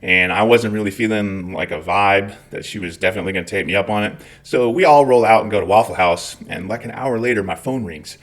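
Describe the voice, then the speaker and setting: Scottish male host, middle-aged, low-pitched, wry and profane monologue delivery. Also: brisk, hardly any pauses, fairly bright tone. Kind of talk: storytelling monologue.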